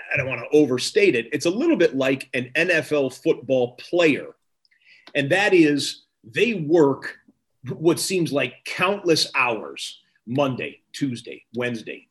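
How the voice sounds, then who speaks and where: A man, a sports television host, telling stories in a casual interview, lively and quick to act out quotes. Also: medium pitch. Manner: energetic storyteller, quotes others in lively voices.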